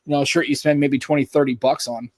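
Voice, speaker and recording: A man's voice: medium pitch, steady tone, quick pace, no echo. A man from the United States co-hosting a live podcast, chatting casually and rambling through stories. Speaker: podcast co-host. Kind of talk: casual chat.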